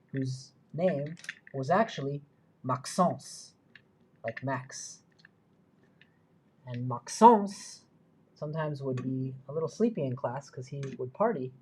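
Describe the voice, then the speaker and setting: A man's voice: medium pitch, animated, slow pace, long pauses, a little mellow, breathy edge. A man hosting a livestream, thinking aloud as he works and making self-deprecating asides in a chatty way. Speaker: livestream host. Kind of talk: live build stream, thinking aloud.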